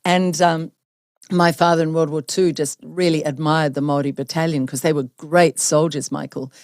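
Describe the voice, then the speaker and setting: A woman's voice: low voice, fairly even intonation, moderate pace, a little mellow, no echo, studio quality. A New Zealand woman hosting an interview, talking in an earnest, emphatic way and asking her guests to agree. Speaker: host. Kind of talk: conversational interview.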